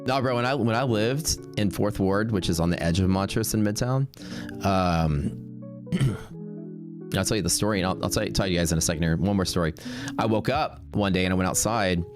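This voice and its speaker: A man hosting a trading livestream, telling stories in a rambling, laid-back way with many fillers. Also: deep voice. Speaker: streaming day-trading host. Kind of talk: casual storytelling on a livestream.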